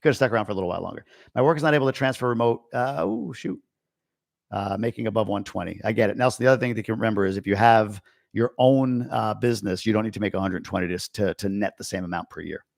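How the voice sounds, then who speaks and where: A man's voice: on the low side, fast, gravelly, no echo, studio quality. An American man from Long Island hosting a casual live-stream, reading out viewer comments and answering them in a blunt, opinionated way. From Long Island, New York, USA. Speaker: host answering viewer questions.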